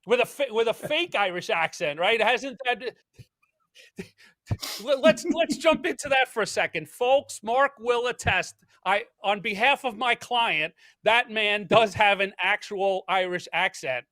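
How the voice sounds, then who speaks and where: A man's voice: high-pitched, lively intonation, unhurried, pushed and bright, dry recording. A man hosting a podcast in casual chat, upbeat and jokey, often repeating words as he starts a sentence. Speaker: podcast host.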